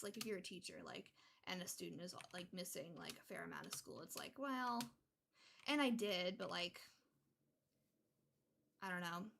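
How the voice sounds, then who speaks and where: Young woman, gaming streamer, rambling chatty talk, gravelly tone, faint keyboard clicks behind. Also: medium pitch, background noise. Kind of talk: casual chat while gaming. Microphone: desktop mic with adjustable gain.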